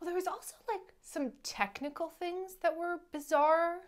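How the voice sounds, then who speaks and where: A woman's voice: very high voice, unhurried. A woman co-hosting a film review podcast, blunt and sarcastic, swearing freely in casual chat.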